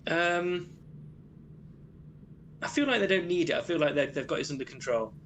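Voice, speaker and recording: A man's voice: a little high, lively intonation, moderate pace, a bit bright, slight background noise. A man playing a tabletop game, hesitant and self-deprecating, often chuckling. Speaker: player. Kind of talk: casual game banter.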